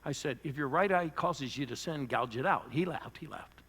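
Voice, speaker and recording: An older man, a pastor, preaching to a church audience and telling a personal story, rising to loud bursts and dropping to hushed lines. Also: fairly high pitch, moderate pace, husky. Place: church service before a live audience.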